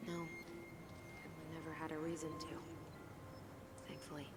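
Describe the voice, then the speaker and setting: A woman's voice: deep voice, monotone, normal speed, very noisy, close to an everyday voice. A woman playing a wry, guarded young woman. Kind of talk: story game dialogue.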